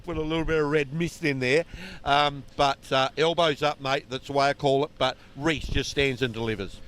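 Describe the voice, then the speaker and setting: A man, a former racer, giving chatty, excitable co-commentary on kart racing. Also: mid-range voice, normal speed, clear, resonant tone. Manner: excitable, chatty, says mate a lot. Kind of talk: live motorsport commentary.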